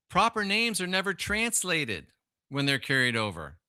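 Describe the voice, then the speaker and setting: Male solo-stream host, sharp, bright voice, preachy and sardonic, swings to loud bursts. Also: on the high side, huge pitch swings, normal speed, no echo, studio quality. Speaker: livestream host reading chat. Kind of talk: solo livestream rant.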